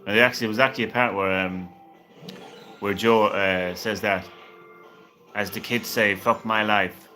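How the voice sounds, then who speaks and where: A man's voice: lowish voice, steady tone, normal speed, long pauses, sharp tone, faint music behind. A young man streaming games live, chatting casually and reassuringly with a viewer, peppering his talk with "man" and tripping over repeated words. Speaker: game streamer.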